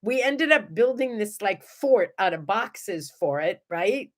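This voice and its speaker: A middle-aged woman hosting a morning show, chatting to viewers and telling animated stories. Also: mid-range voice, measured pace. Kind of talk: casual chat and storytelling.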